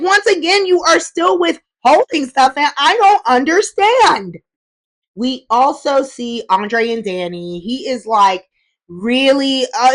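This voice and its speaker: A woman host casually recapping a soap opera, animated and acting out the characters' lines in quick voices. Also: fairly high pitch, low-quality recording. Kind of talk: casual chat.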